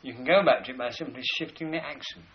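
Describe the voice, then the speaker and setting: A man giving a spoken lecture in a measured, explanatory way, slowing down to stress key words as he points to drawings. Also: mid-range voice, highs cut off.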